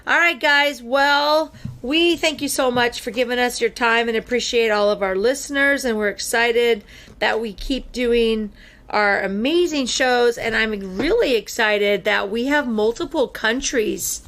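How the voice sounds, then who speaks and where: A woman's voice: a little high, unhurried, fairly bright tone. Chatty woman hosting a podcast. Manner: chatty, laughs often, many fillers. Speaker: podcast host. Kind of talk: casual podcast chat.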